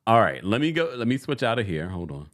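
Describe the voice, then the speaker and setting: A man's voice: lowish voice, fast talker. A man hosting a live stream, chatting casually with viewers and laughing often. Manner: laughs often, lively, playful. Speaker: host.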